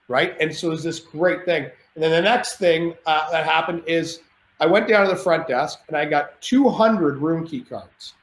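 A man's voice: fairly high pitch, moderate pace, slight background noise. Rowdy storytelling man, roomy echo. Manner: lively, profane, rambling anecdotes. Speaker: podcast guest. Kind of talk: animated storytelling. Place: cottage.

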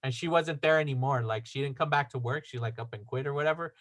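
A young man hosting a casual podcast, telling a story in an animated way, swearing and acting out quotes. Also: mid-range voice, fast talker, no room sound. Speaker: podcast host.

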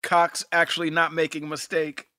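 Guy cohosting a podcast, loose chatty and animated, bright voice, dry close mic. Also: fairly high pitch, moderate pace, no room sound. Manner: animated, laughs often, rewatch commentary. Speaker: podcast co-host. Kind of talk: casual chat.

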